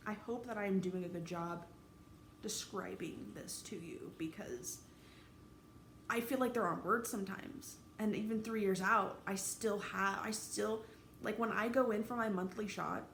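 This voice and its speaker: Woman, 30s, vlogger, gravelly, raw, halting, roomy room echo with faint background noise. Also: mid-range voice, a bit bright. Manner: halting, candid, swears freely, emotionally raw. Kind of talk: personal vlog monologue.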